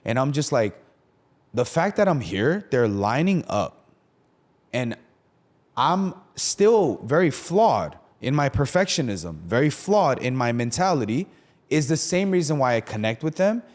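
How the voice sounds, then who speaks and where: A man's voice: medium pitch, big pitch swings, a little slow, darkish tone. A young man, a pastor, talking casually on a podcast, full of fillers and acted-out quotes. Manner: conversational, many fillers, acts out quotes.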